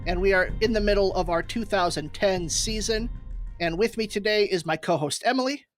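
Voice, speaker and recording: A podcast host who opens the show and steers a casual chat in a friendly way. The voice sits mid-pitch, and the recording is dry and close with faint music underneath. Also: fairly quick, no echo.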